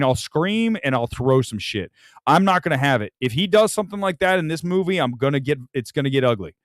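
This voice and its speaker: Ranting, animated male movie critic. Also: no echo, clean studio sound. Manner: animated, ranting, swings from loud outbursts to low mutters. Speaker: film critic show host. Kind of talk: opinionated livestream movie talk. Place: home room with film boxes and jerseys.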